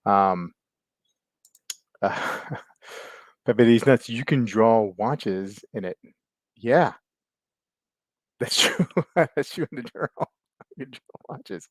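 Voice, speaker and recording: A man hosting a casual livestream chat, rambling, laughing often, and filling pauses as he reads viewer comments. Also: mid-range voice, dry recording. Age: adult with kids. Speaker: livestream host.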